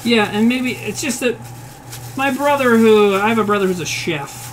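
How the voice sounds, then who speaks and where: A woman's voice: on the high side, normal speed, slight background noise. Midwestern woman swearing and chatting while she cooks on stream, faint frying in the background. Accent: Northern Plains Midwestern. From Upper Midwest, United States. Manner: blunt, profane, chatty, answers chat while cooking. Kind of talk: casual cooking stream chat. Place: home kitchen with food frying. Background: faint sizzling and frying.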